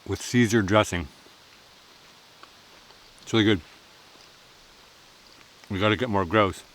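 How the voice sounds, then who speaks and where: A man's voice: fairly low pitch, takes it slowly, a bit bright. A man chatting casually while cooking at an outdoor forest camp, joking and laughing often.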